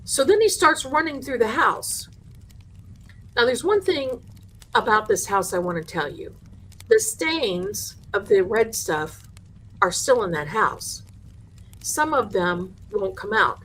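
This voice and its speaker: A woman hosting a live show, telling a haunted house story with lively energy and acting out the people in it. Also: a little high, slow, slight background noise. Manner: animated, acts out the people in her story. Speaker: host.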